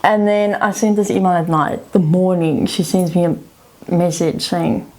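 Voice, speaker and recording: A young woman vlogger casually telling a story, retelling a frustrating job with animated energy. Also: fairly low pitch, moderate pace.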